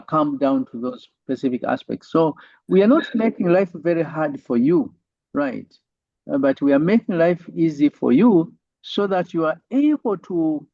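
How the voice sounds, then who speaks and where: A man's voice: fairly high pitch, dry recording, lo-fi sound. A male university lecturer giving an online lecture, tagging sentences with "right?" and many fillers.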